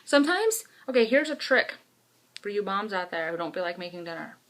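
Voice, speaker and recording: A woman co-hosts a podcast, talking briskly in a mid-range voice. She is a chatty, animated storyteller, frank and self-mocking in the casual conversation.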